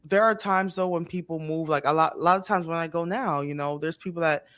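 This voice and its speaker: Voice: mid-range voice, a little fast, fairly bright tone, no echo, clean studio sound. A podcast panelist, talking bluntly and profanely, laughing between rants in a casual chat. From Brooklyn, New York.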